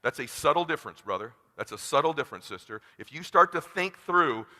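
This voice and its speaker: Forties male sales coach, high and raspy, tense delivery, shouts then hushes, big reverberant hall. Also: lively intonation, brisk. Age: 40s. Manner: blunt, swings from hushed to shouting. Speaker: sales trainer. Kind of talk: motivational seminar speech.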